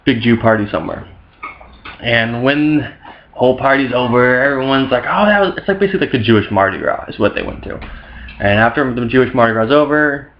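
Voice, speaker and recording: A man's voice: medium pitch, dull audio, slight background noise. A young man rambling through an off-the-cuff comic retelling of a story, full of slang and asides. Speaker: vlogger.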